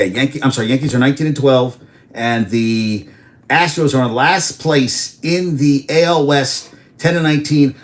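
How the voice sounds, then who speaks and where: A man hosting a casual solo sports show, rambling excitably and repeating himself. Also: mid-range voice. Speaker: sports talk host.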